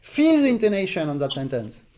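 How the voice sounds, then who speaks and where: A man's voice: sits high, wildly swooping pitch, brisk, a little mellow. A man teaching an accordion master class in an online lesson, earnest and demonstrative, repeating points to stress them and singing rhythms in syllables. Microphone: online lesson stream.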